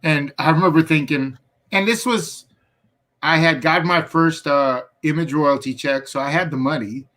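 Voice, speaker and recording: A middle-aged man, a guest comic book artist, telling relaxed stories in a casual interview with animated asides. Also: fairly high pitch, moderate pace.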